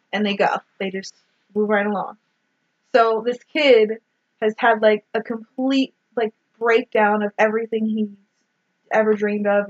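A woman recapping a movie in casual chat, swearing freely and quoting scenes. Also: medium pitch. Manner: swears freely, retells scenes with acted quotes. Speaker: podcast co-host. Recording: dull lo-fi sound.

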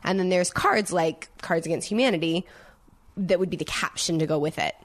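A woman guest in casual chat, animated and excitable, laughing as she explains things. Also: fairly low pitch, a little fast. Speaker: podcast guest.

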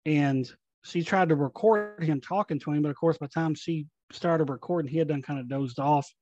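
A young man from Tennessee, a paranormal investigator, telling ghost stories in a casual, animated way and acting out the dialogue. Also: on the high side, moderate pace, lo-fi sound. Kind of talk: casual storytelling.

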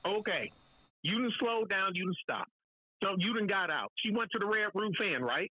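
Bright, blunt woman caller. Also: medium pitch, lively intonation, normal speed, slightly rough, no echo, rough recording. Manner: blunt, emphatic, laughs while making points. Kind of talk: casual chat.

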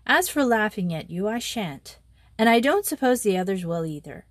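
A woman's voice: medium pitch, big pitch swings, normal speed, no echo, studio quality. A woman doing a blunt, bossy schoolgirl. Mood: firm. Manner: firm, scolding, no-nonsense. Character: brisk, blunt twelve-year-old English schoolgirl.

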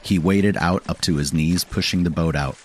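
Very low-voiced male storyteller. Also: moderate pace. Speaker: audiobook reader. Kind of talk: scripted narration of an audio play.

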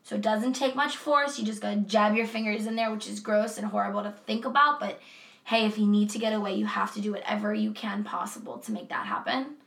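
Chatty, creaky-voiced woman podcast host. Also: mid-range voice, fairly quick, a bit bright, roomy sound. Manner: chatty, effusive, laughs easily. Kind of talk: casual podcast chat.

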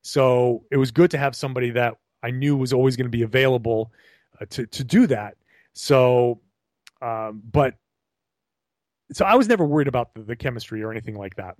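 Speaking briskly in a mid-range, slightly mellow voice, this man co-hosts a casual podcast over a remote call. He holds forth animatedly in long, wandering turns and keeps restarting himself. The audio is clean studio sound with no room sound.

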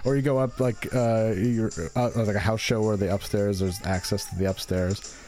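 A man's voice: on the low side, fairly even intonation, normal speed, darkish tone. A man in casual chat, telling rambling, profane stories, with faint music behind.

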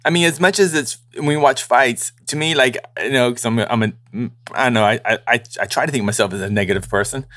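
A man's voice: medium pitch, quick pace, few pauses, a bit bright, no room sound. A young man who works as a combat sports journalist, chatting casually on a podcast, rambling with lots of restarts and the odd mocking impression.

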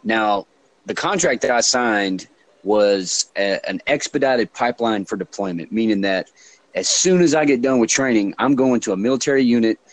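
A man in his thirties telling a story in a relaxed, unhurried way. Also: on the low side, rough recording. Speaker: podcast guest, Navy veteran. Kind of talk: casual storytelling.

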